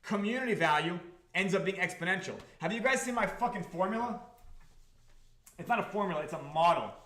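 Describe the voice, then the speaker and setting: A man hosting a livestream about his crypto project, talking to the chat in an excitable, profane, repetitive way. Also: sits high, a little fast, echoey room. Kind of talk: livestream talk to a chat audience.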